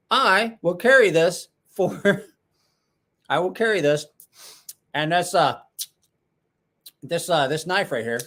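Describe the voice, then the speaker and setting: A man hosting a casual livestream, chatting and rambling with frequent restarts and asides. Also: a little high. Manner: rambling, self-correcting, chatty. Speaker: livestream host.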